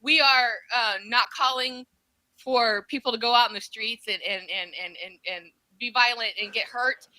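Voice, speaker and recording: A woman co-hosting a political podcast in casual, animated talk, swearing freely and restarting her sentences often. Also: a little high, normal speed, no echo, low-quality recording. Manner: animated, profane, many restarts.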